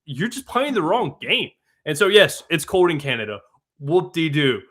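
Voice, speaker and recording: A young man co-hosting a casual sports betting podcast, opinionated and emphatic, breaking into fast rants. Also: a little high, very animated, fairly bright tone. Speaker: co-host analyst.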